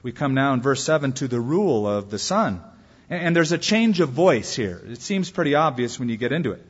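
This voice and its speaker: A pastor preaches earnestly in a somewhat high, husky voice, with lively intonation at a normal speed. He presses hard on key words, then sinks into quiet, low asides, swinging widely in pitch and volume. The dull, lo-fi recording carries a long reverb from a large hall.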